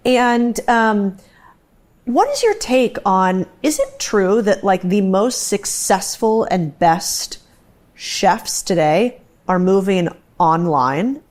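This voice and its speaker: A woman's voice: medium pitch, sing-song, slow pace, a little mellow. A woman interviewing a guest in casual chat, framing long, thoughtful questions.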